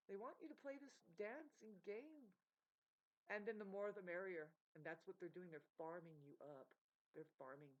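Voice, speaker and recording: A woman ranting to her viewers, rambling and swearing as she swings between loud outbursts and low mutters. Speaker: vlogger. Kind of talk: emotional unscripted rant to camera. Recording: dull lo-fi recording.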